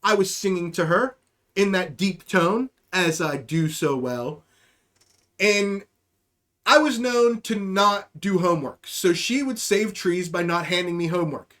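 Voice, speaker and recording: High-voiced man telling a rambling story. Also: a little slow, a bit bright. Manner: rambling, profane, jokey. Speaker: podcast host. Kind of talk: casual storytelling monologue.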